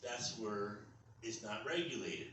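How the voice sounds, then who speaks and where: A man's voice: fairly low pitch, slow, fairly bright tone, a little hiss or hum. Older stand-up comic in his sixties, rambling storyteller, echoey club from far off. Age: 60s. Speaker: stand-up comedian. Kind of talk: stand-up comedy set.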